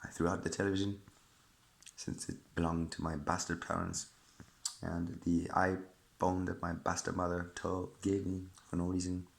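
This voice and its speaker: A man's voice: sits low, completely flat delivery, moderate pace, creaky. A man chatting casually to his viewers in a rambling way, often breaking off mid-sentence, and sometimes reading aloud from a book. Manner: rambling, self-interrupting, chatty asides to viewer.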